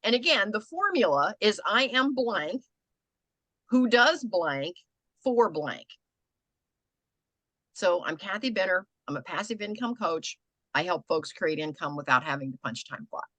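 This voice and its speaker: Lively older American coach woman. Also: mid-range voice, measured pace, long pauses, no echo. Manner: conversational, animated, acts out quoted people. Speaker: business coach. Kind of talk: coaching a group online.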